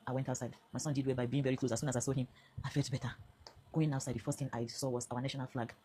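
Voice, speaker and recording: A woman's voice: rumbling low, little pitch movement, rapid-fire, mellow, slight background noise. A Nigerian woman in her fifties giving an earnest, emphatic personal testimony to camera, now and then slipping into Pidgin phrases. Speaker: vlogger telling her own story.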